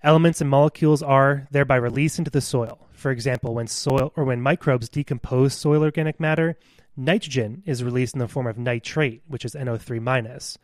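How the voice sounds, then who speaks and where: Male podcast co-host, mid-pitch, earnest lecturer, dry close recording. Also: fairly even intonation, brisk, no room sound. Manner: earnest, lecturing with scientific detail. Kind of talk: explanatory podcast talk.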